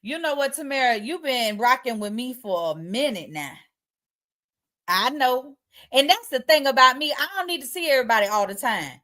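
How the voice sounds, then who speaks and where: A woman hosting a casual livestream chat. She reads viewer comments aloud and answers them in relaxed, colloquial slang. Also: high-pitched, moderate pace. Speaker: livestream host.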